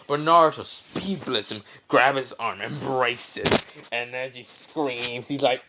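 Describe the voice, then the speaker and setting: A man's voice: medium pitch, moderate pace, bright, forceful tone, a little hiss or hum. A young man casually retelling a fan story. He rambles with many fillers and self-corrections.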